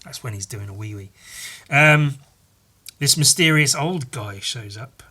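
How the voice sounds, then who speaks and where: Male podcast host, casual and rambling; bright tone with a husky edge. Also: mid-range voice, animated, unhurried. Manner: rambling, laughing, swearing, muttering asides. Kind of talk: casual chat, reading a comic aloud.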